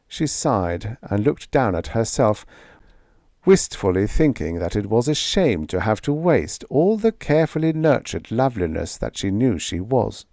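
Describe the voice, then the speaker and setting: A man narrating a vintage science fiction short story as a sleep story, calm and measured. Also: on the low side, creaky, no echo, studio quality. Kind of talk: scripted audiobook narration for sleep.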